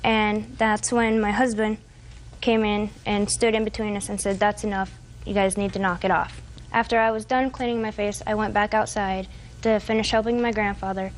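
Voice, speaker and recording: A woman in her twenties giving courtroom testimony, retelling events haltingly with fillers and restarts. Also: medium pitch, steady tone, slight background noise. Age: 20s. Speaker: defendant.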